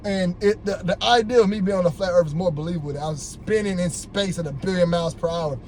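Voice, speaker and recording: A man with a very high-pitched voice vents to his audience from his car during a work break. He talks loosely and rambles, addressing viewers directly, and his frustration keeps boiling over into shouting. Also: fast talker, few pauses, slight background noise, low-quality recording. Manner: frustrated, animated, bursts into shouting. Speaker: vlogger ranting to his viewers. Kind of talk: heated opinion rant to camera.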